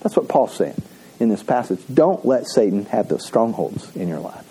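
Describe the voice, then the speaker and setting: A pastor with a low, dark, husky voice swings widely in pitch while keeping a moderate pace, on a rough recording. At a church service he delivers a conversational sermon, repeating key phrases and having the congregation read scripture aloud with him.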